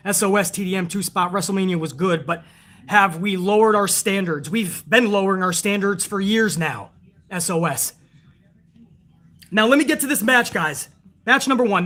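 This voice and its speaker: Bright-voiced woman ranting about wrestling. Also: mid-range voice. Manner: heated, swears constantly, ranting to viewers; excitable, retells events with rising energy. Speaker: wrestling show reviewer. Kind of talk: casual profane review rant.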